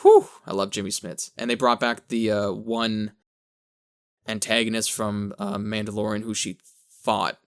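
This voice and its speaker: Man, slight lisp, low voice, casual podcast chat, rambling. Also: flat delivery, measured pace, smooth. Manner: rambling, self-correcting, laughs at own jokes. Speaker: podcast co-host.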